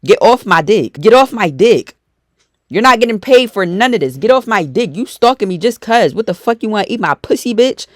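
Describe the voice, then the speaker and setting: A woman's voice: medium pitch, expressive, normal speed, no room sound, studio quality. A woman YouTuber, delivering a profane, confrontational storytime rant.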